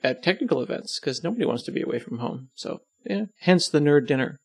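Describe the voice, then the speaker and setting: A man talks through a relaxed podcast interview, teasing and self-deprecating as he rambles. His voice has a gravelly fry, and the recording is dry and close with no room sound. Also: a little high, fast talker, dry recording. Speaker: podcast host and web developer, as guest.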